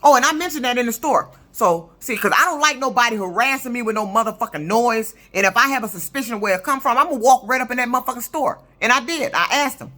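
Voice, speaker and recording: A woman's voice: a little high, fast talker, hardly any pauses, bright, forceful tone. A woman in her fifties, a truck driver, telling a story in an indignant, profane, emphatic rant for her vlog. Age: 50s.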